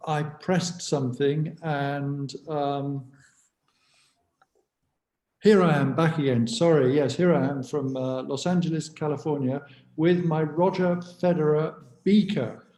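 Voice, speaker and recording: A man's voice: a little high, steady tone, takes it slowly, mellow, roomy sound. A British man speaking over a video call, apologetic and rambling, with the audio distant. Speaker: guest author.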